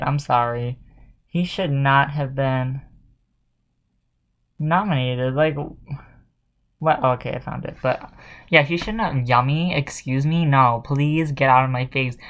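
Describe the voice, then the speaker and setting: A man's voice: medium pitch, unhurried, long pauses, a bit bright, highs cut off. A man ranting casually to his viewers. He sounds sarcastic and exasperated, with a mocking, offhand edge. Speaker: vlogger. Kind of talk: casual commentary rant.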